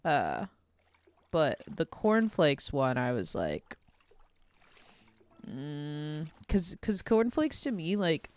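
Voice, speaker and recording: A woman's voice: low voice, big pitch swings, very slow, pauses often, clear, resonant tone. A young woman from the American South, streaming a game and rambling casually with lots of fillers and self-mocking asides. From Southern United States. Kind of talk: casual chat while gaming.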